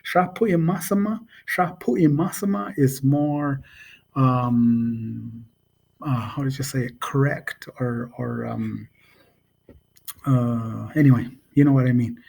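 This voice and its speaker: Unhurried man teaching phrases. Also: mid-range voice, vocal fry, husky. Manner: relaxed and unhurried, with many pauses and fillers; spells out words letter by letter and repeats them slowly. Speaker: language teacher. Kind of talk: casual spoken language lesson.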